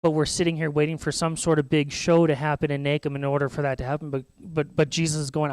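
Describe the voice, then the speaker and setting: A man preaching a sermon as pastor, earnest and animated, often acting out quotes. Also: on the high side, fast talker, hardly any pauses. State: tearing up. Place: church.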